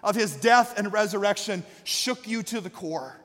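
A man with a very high voice preaching from a church stage, his words ringing out in a long reverb. He builds with fervor, often shouting and calling on the congregation to answer back. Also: animated, normal speed. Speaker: pastor. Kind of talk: sermon. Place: church sanctuary.

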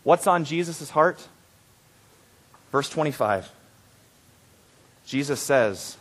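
A man's voice: a little high, lively intonation, slow pace, long pauses, a bit bright. A man preaching a sermon in a conversational way, asking the congregation questions and acting out quoted prayers with rising intensity. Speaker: pastor.

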